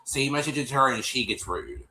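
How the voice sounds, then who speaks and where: On his stream, a host with a mid-range voice, lively intonation, and a pushed, bright sound casually recaps a TV episode at a moderate pace. He calls viewers y'all and restarts often as he rambles, recorded in low quality on a streaming mic.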